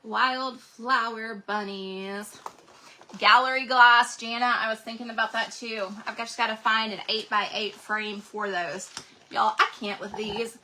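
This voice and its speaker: Woman, craft livestream host, slightly high and bright voice, bubbly and chatty with her viewers. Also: slight background noise. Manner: bubbly, gushing, chatty, talks to viewers in the chat. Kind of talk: casual craft livestream chat.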